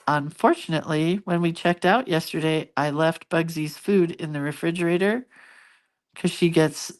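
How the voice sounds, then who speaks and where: A middle-aged woman chatting casually with viewers, rambling along with fillers and restarts. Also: sits low. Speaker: host. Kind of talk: casual chat to live viewers.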